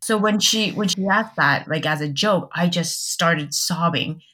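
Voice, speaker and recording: Low-voiced young woman telling a personal story. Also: pushed and bright, breathy edge. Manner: candid, halting, many restarts and quoted dialogue. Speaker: podcast guest. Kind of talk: personal storytelling in casual chat.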